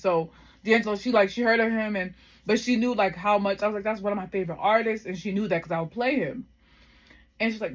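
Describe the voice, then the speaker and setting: A woman in her thirties shares a personal story to camera. Her pitch sits mid-range, and she talks in a loose, heartfelt way. She drifts between thoughts with plenty of "like" and "um". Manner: heartfelt, reflective, rambling with many fillers. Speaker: vlogger.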